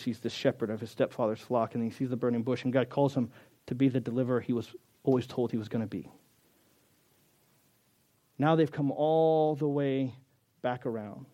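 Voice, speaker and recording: A middle-aged man preaching a sermon, acting out the scripture and the quotes with lively shifts of voice. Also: medium pitch. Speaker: pastor.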